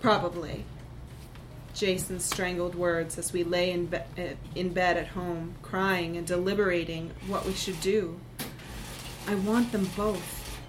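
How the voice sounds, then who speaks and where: A woman narrating a first-person literary story in a measured, reflective way. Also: on the low side, little pitch movement, background noise.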